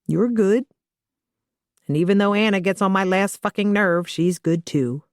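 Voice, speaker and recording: A woman's voice: medium pitch, a little slow, darkish tone, dry recording, studio quality, lightly acted. A woman voicing a blunt, profane young man who is about to become a father, read for an audiobook. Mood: rueful. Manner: profane, teasing, matter-of-fact. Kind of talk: audiobook dialogue reading.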